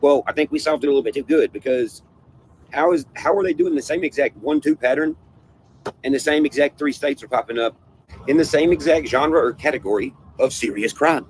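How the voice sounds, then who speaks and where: A man's voice: fairly high pitch, a little fast, poor audio. A man ranting in a casual livestream panel, profane and conspiratorial, with faint noise behind him. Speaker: panel guest.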